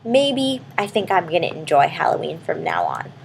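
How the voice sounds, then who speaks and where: A woman's voice: lowish voice, huge pitch swings, normal speed, creaky, a little hiss or hum, full character voice, poor audio. A woman voicing a young girl who is a witch, speaking earnestly and bravely in a told story. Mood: thoughtful.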